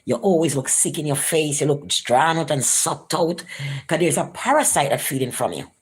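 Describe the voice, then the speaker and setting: Low-voiced woman telling a story. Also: normal speed, breathy edge. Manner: animated, acts out quoted voices, rising pitch for quotes. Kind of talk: casual storytelling vlog.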